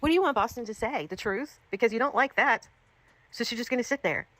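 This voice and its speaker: A woman's voice: on the high side, quick pace, fairly bright tone, dry recording. A woman hosting a commentary livestream, ranting in an exasperated, profane way, repeating herself.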